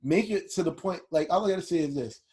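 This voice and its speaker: Profane, husky man telling stories. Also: high voice, fast. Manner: profane, animated storytelling. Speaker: podcast co-host. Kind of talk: casual chat.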